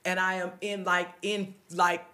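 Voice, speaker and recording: A middle-aged woman talks in a relaxed, faith-filled chat with friends. She tells her story earnestly, trailing off and starting again as she goes. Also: lowish voice, unhurried. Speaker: podcast co-host. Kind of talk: casual faith-based conversation.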